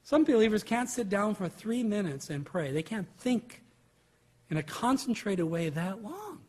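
A male pastor delivers a sermon in a notably high-pitched voice. He leans hard on key words and keeps pressing the listeners with rhetorical questions. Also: big pitch swings, unhurried, a little mellow. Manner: emphatic preaching with rhetorical questions.

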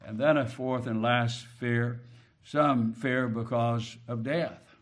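A man preaches a sermon slowly and deliberately, his voice dropping to quiet, low phrases and then rising to loud, emphatic peaks on key words. Overall his intonation stays fairly even.

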